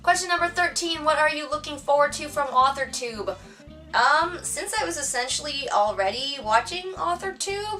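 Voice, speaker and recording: A woman's voice: sits high, animated, moderate pace, pushed and bright, recorded from a distance, soft background music. A woman author chatting casually through tag questions on her vlog, playful and self-mocking. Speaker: author vlogger.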